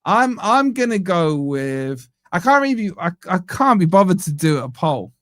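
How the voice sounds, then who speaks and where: A man's voice: high voice, big pitch swings, a little slow, fairly bright tone, no echo, clean studio sound. Rambling, jokey young guy hosting a stream. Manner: rambling, self-interrupting, jokey. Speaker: fan channel host. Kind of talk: live stream match reaction.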